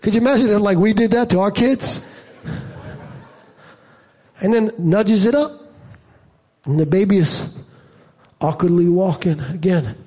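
In an unhurried sermon with frequent pauses, a male pastor speaks with a breathy edge. His delivery is emphatic, ranging from low-voiced storytelling to loud peaks, and he uses humor and rhetorical questions with the congregation.

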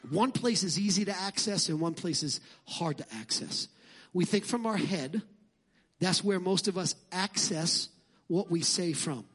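High-voiced animated male preacher. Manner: animated, joking preacher who shouts at times. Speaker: pastor. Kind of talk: sermon.

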